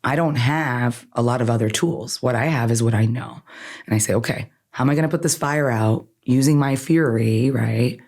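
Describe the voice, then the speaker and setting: A woman's voice: a bass voice, moderate pace. A woman from Iran, an attorney guest on an interview podcast, speaking earnestly and often ending thoughts with "right?". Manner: earnest, animated, says "right?" constantly. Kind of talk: conversational interview.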